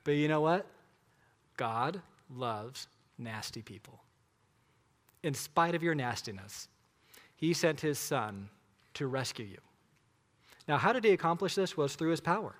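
A man's voice: on the high side, lively intonation, normal speed, long pauses, big-room sound. A man preaching a sermon as pastor, conversational and emphatic, asking the congregation rhetorical questions.

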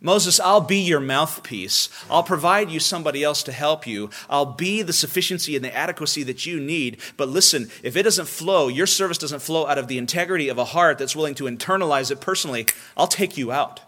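A man speaking as God to a prophet, firm and emphatic, a little higher and louder than his usual talk. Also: brisk, hardly any pauses. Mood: stern. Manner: firm, emphatic, reassuring then stern.

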